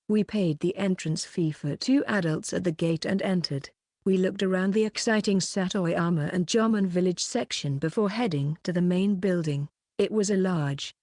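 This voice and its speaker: A woman narrating a novel in the first person, with a steady, even reading. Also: on the low side, dry recording, clean studio sound. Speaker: audiobook narrator.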